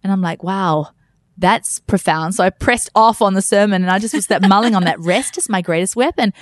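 A woman co-hosting a podcast, telling stories in a rambling, animated way. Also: mid-range voice, fairly quick, no room sound. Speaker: co-host. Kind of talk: casual chat.

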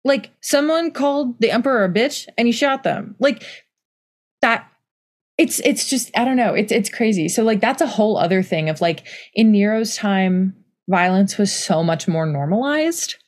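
A woman's voice: a little high, lively intonation, normal speed. Rambling young woman, lots of "like". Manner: rambling, full of "like" fillers and restarts. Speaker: podcast co-host. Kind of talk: casual book-club chat.

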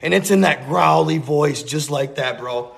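A man's voice: on the high side, measured pace, vocal fry. A man telling a rambling, profane story in a casual, earnest way, full of slang and repeats. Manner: earnest, intense.

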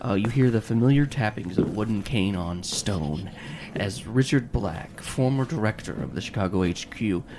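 A man's voice: fairly low pitch, animated, moderate pace, hardly any pauses, noisy background. A man narrating as game master in a casual way, with many fillers.

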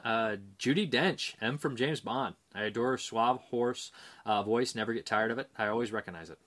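A man's voice: mid-range voice, a bit bright. A man hosting a movie review show, chatting casually and reading out viewer comments in a rambling, hesitant way with many fillers. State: dry mouth.

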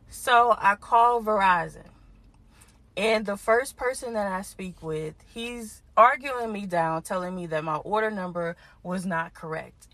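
A woman podcast host telling a frustrating story in a casual, animated way, talking straight to her listeners. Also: medium pitch, no echo. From Houston. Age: adult parent.

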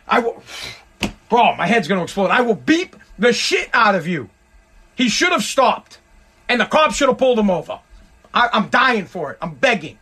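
A man's voice: sits high, big pitch swings, moderate pace, pushed and bright, breathy edge. A man hosting a solo podcast, ranting in an exasperated, heavily profane way. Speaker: podcast host.

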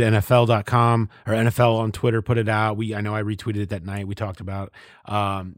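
Male podcast host, mid pitch, dry close mic, animated and ranty, casual sports chat. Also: dry recording. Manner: animated, ranting, mimics others mid-story.

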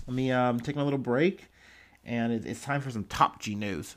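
A man's voice: medium pitch, normal speed. Man, casual news-commentary host, profane, rambling, unscripted. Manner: loose, profane, rambling with many fillers.

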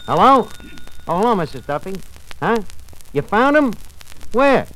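Wisecracking New radio comic. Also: male voice, high-pitched, sing-song, a bit bright. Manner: fast-talking wisecracker mangling big words. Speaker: tavern manager and host of a radio comedy. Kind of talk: 1940s radio comedy acting. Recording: noisy old radio broadcast.

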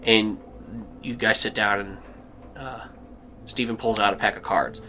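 A man narrating a tabletop game as game master, rambling and halting as he goes. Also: lowish voice, steady tone, pushed and bright, slight background noise. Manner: rambling, halting, with fillers and laughs.

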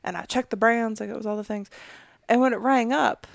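A woman's voice: on the high side, a little fast, gravelly, no room sound. A woman in her thirties co-hosting a podcast, telling stories in casual chat, laughing often and swearing freely. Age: 30s. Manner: animated storyteller, laughs and swears a lot. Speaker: podcast co-host.

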